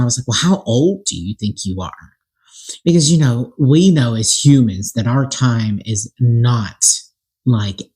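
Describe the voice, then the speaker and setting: Excitable podcast host with a husky voice. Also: medium pitch. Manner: enthusiastic and excitable, retelling dialogue with "I was like". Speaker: podcast host and past life regression practitioner. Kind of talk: casual storytelling monologue.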